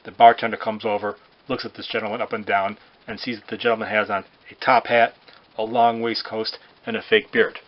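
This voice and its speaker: A man telling jokes in a rambling way, with restarts and hesitant pauses. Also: on the low side, little pitch movement. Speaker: joke teller. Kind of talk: amateur joke telling. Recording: dull lo-fi recording.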